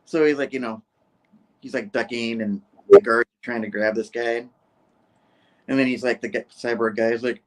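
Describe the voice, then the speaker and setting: A man's voice: mid-range voice, steady tone, moderate pace. A man co-hosting a podcast who recaps a comic book casually and in a rambling way, leaning on "he's like" and "you know". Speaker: podcast co-host.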